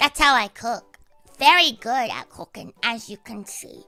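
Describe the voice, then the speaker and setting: A young Australian woman talks on her livestream with a high, bright, cute voice, rambling and cursing nonstop. Her voice is slightly high for a woman and sits close to the mic in a dry room, with faint music underneath. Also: lively intonation, a little slow, vocal fry. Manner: sweary, rambling, laughs often. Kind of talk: casual livestream chat.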